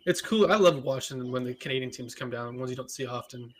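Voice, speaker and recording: A man's voice: mid-range voice, quick pace, slight background noise. Laid-back man explaining sports. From Spokane area, Washington. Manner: laid-back, explains things with many fillers. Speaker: podcast co-host. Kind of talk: casual sports chat.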